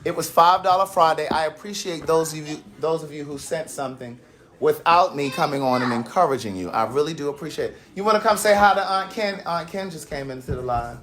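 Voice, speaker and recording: A man's voice: a little high, brisk, a crowd in the background. A man in his forties hosting a casual live stream from home, chatty and often laughing. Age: 40s. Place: at home with family around.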